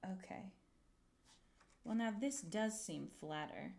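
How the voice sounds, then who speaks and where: A woman's voice: medium pitch, animated, slow pace, gravelly, darkish tone. A young adult woman streaming live, muttering, swearing and chatting with viewers while she works on a craft project. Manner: muttering and self-deprecating, swears, talks to chat while working. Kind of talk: casual livestream crafting chatter.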